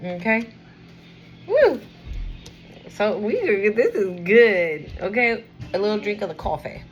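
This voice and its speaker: A woman giving a casual spiritual card reading to camera, rambling and encouraging the viewer, sometimes dropping to a quieter murmur. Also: medium pitch, moderate pace, lo-fi sound, faint music behind. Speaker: tarot and oracle card reader.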